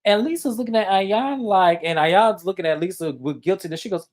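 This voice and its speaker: A host recapping a reality TV episode in casual, gossipy, animated talk that swears freely. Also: medium pitch, a little fast, hardly any pauses.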